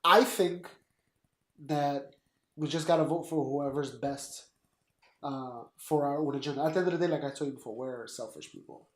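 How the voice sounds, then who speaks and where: A man's voice: a little high, normal speed, reverberant. A man of Puerto Rican background co-hosting a casual podcast, giving blunt opinions and acting out what others might say. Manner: blunt, opinionated, talks in quoted asides. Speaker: podcast co-host. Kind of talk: casual political chat.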